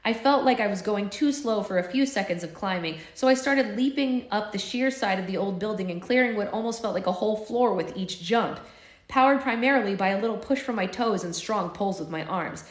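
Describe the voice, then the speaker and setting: A woman reads a novel aloud live for her book club, then drifts into animated, giggly asides. Her voice sits in a middle range. The room adds a clear echo. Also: medium pitch, fairly quick. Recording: echoey room.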